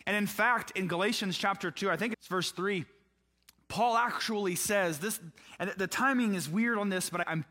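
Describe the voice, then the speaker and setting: A man's voice: sits high, fairly bright tone. A man preaching a conversational sermon, asking his listeners questions and acting out short exchanges between people in the story. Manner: acts out voices of people in the story. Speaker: pastor.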